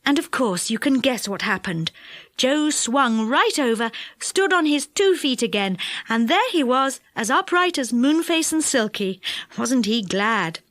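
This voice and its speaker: A woman reading a children's storybook aloud, her fairly high voice rising and falling in a very lively, animated way. The recording is close and dry, with no room sound. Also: a little slow, dry recording. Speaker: audiobook narrator.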